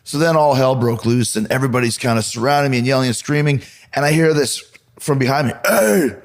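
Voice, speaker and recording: A man hosting a podcast, telling lively anecdotes in casual chat, swearing now and then. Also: mid-range voice. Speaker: podcast host.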